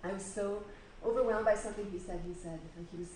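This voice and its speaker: A woman sharing a personal testimony in church, hesitant, with many pauses and ums. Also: medium pitch, fairly even intonation, a little mellow. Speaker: church member sharing a story. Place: church hall. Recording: echoey hall with clear background noise.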